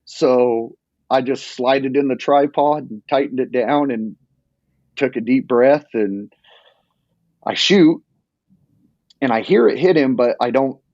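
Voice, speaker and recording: A man telling a hunting story in a casual, animated and rambling way, full of restarts. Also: mid-range voice, dry recording. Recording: dull lo-fi sound.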